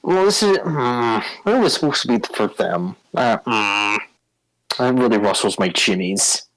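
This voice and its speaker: A man voicing a simple-minded, cheerful male troll cook who talks in a halting, eager, childlike way in a tabletop game. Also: mid-range voice, animated, fairly bright tone, dry recording, low-quality recording. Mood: crestfallen.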